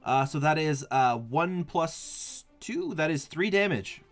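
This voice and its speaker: A man's voice: a little high, animated, slow pace. A young man playing a tabletop game, chatting casually and explaining the rules. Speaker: player.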